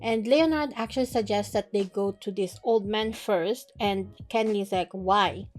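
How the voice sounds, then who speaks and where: A woman casually recapping a novel chapter by chapter, chatty and quick to laugh, with plenty of fillers. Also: mid-range voice, a little mellow. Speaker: book recap creator.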